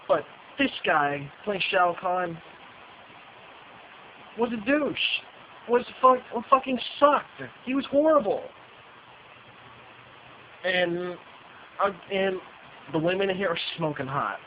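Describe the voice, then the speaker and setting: A man giving a casual, profane ranting review, repeating himself and restarting sentences. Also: high voice. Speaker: movie reviewer. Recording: dull lo-fi with faint hiss.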